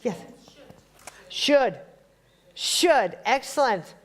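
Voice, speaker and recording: Slow-talking woman leading a workshop. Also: on the high side, expressive. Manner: conversational and teasing, quizzing the audience. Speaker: workshop leader. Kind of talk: spiritual workshop teaching to a live group.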